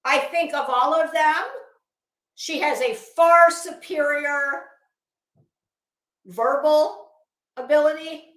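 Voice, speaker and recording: A woman's voice: fairly high pitch, a bit bright. A middle-aged woman giving a casual, blunt and profane rant as a YouTube commentator, heavy on sarcasm. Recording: roomy echo.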